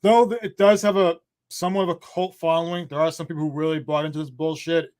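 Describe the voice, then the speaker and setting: A man with a slightly high voice gives a blunt, profane film review over a video call. He talks in halting bursts and pauses often. The sound is plain home-call audio. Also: fairly even intonation, a little mellow. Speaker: movie reviewer on a panel. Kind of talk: live online review countdown.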